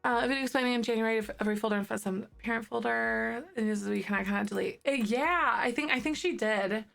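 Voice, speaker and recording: Bubbly, slightly hoarse woman streamer. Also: a little high, fast talker, a bit bright, faint music behind. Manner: bubbly, chatty, giggly, rambling. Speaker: livestreamer. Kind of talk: casual chat with live viewers.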